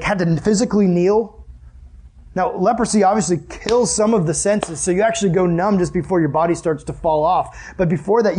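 A young man preaches with a slightly husky, fairly high voice. His tone is earnest and conversational, and he poses rhetorical questions to the congregation. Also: darkish tone. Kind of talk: sermon.

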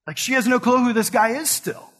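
A man delivers a sermon in a high voice with a husky edge. He preaches earnestly but talks like everyday conversation, dropping in casual slang. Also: a little fast. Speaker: pastor.

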